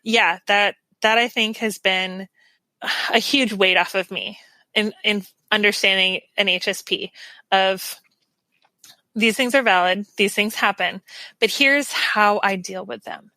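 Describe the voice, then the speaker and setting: A woman's voice: medium pitch, steady tone, measured pace, sharp tone, dry recording. A woman who is a guest on a podcast, talking earnestly and reflectively in casual chat, with frequent little laughs.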